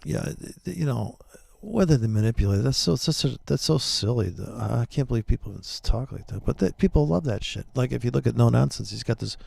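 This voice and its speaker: A man's voice: medium pitch, expressive, fast talker, creaky, darkish tone, dry recording. A middle-aged man hosting a trading livestream, ranting in casual, heavily profane chat.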